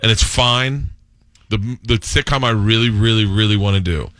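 A man telling a rambling, excited comic story as a guest, laughing often and restarting his sentences. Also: on the low side, normal speed, no room sound. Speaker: guest comedian. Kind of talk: comic storytelling, pitching a sitcom idea.

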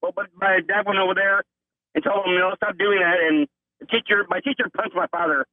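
A man's voice: sits high, steady tone, no echo. Male caller on a tinny phone line. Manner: halting, repeats himself. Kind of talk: casual phone-in talk.

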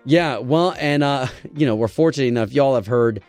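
A man's voice: medium pitch, moderate pace, darkish tone, dry recording, faint music behind. A man in his forties co-hosting a morning country radio show, chatting loosely with lots of fillers. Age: 40s. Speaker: radio co-host.

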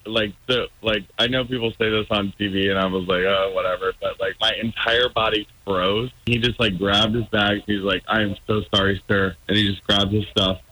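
A man's voice: on the low side, fairly even intonation, normal speed, few pauses, pushed and bright, poor audio. A man calling into a radio show, telling a story in a rambling, hesitant way with many ums. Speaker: caller guest on a radio show. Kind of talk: casual storytelling on a phone-in.

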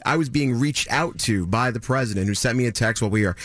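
A man in his thirties telling a story on a morning radio show, animated and mimicking other people in a higher voice. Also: fast, no room sound. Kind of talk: casual chat, telling a story.

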